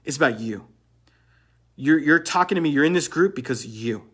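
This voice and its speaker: A man's voice: on the high side, expressive, moderate pace, a bit bright, breathy edge. A man coaching other men on relationships in a blunt motivational monologue, swearing and repeating phrases for emphasis.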